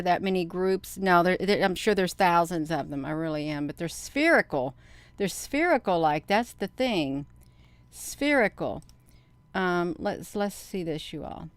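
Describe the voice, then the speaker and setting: A middle-aged woman hosting a video, chatting casually to viewers, counting out loud and getting excited. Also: lowish voice, clear, resonant tone, no echo. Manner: counts aloud, talks straight to viewers. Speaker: video host. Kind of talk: casual screen-share commentary.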